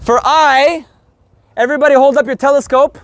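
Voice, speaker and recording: A man's voice: very high voice, steady tone, moderate pace, fairly bright tone. A man teaching a casual live Spanish group lesson, brash and joking, swearing casually as he explains.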